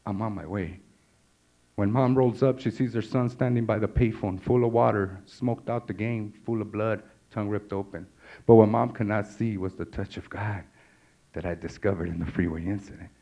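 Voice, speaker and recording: Low-voiced Los man telling his story. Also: steady tone, moderate pace, dark tone. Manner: raw, vivid storytelling with street slang and profanity. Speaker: speaker sharing his testimony. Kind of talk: personal story told to an audience. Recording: dull lo-fi recording.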